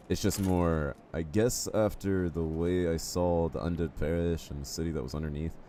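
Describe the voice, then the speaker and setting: A man's voice: rumbling low, a little mellow, a little hiss or hum. A man streaming a game live, chatting casually and joking with his viewers. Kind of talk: casual live-stream chat while playing.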